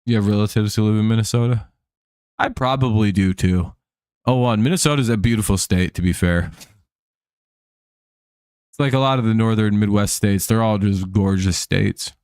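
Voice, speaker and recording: Man, streamer, casual game commentary, low smooth voice, profane and joking, dry close mic. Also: moderate pace, pauses often, a little mellow, no echo. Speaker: streamer hosting a baseball watch-along.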